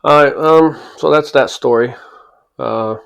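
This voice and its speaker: Here a man in his forties tells a casual personal anecdote for his channel, his medium-pitched voice unhurried, a little bright, clear and resonant, with some vocal fry. He chuckles throughout and imitates the people in the story.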